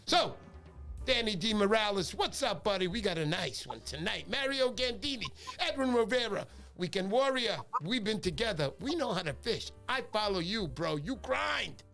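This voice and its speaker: Male livestream host, high-pitched, animated storyteller who greets his viewers; faint background music. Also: moderate pace, vocal fry. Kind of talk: casual livestream chat.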